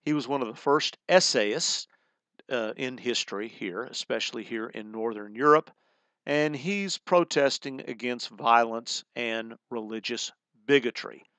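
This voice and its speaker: Male instructor, middle-aged, mid-pitched, dry close recording, loose lecturing style with restarts. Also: a little slow, a bit bright, dry recording. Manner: conversational, explains terms, frequent restarts and "uh"s. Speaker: college humanities instructor.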